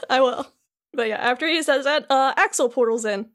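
This podcast co-host, a young woman, has a high-pitched voice and a brisk delivery. She gives a chatty, animated recap of a video game, her casual talk crammed with fillers, especially "like."

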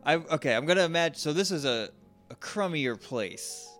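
Animated, giggly male player. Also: on the high side, normal speed, faint music behind. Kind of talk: casual tabletop play.

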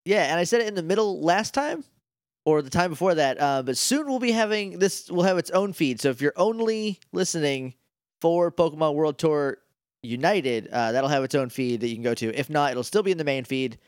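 Playful guy on a tabletop podcast, voice bounces up and down a lot, sits a bit high, laughs a bunch. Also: a little fast, no echo, studio quality. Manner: playful, laughs often, lively in-character asides. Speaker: podcast co-host and player. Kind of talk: casual tabletop game play and chat.

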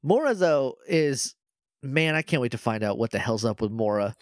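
A man in a podcast chat, animatedly retelling an episode and acting out characters' lines. The mic is close and dry, and his pitch sits mid-range for a man. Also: lively intonation, moderate pace, dry recording. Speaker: podcast co-host. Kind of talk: casual chat recapping a TV episode.

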